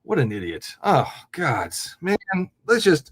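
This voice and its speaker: A man's voice: fairly high pitch, wildly swooping pitch, unhurried, breathy edge. A man hosting a live call-in debate podcast, blunt, mocking and profane, laughing often. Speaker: host.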